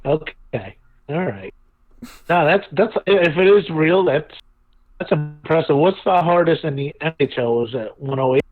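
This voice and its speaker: A woman's voice: low-pitched, expressive, measured pace. A woman co-hosting a podcast in casual chat, teasing and swearing often. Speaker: podcast co-host. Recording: dull lo-fi sound.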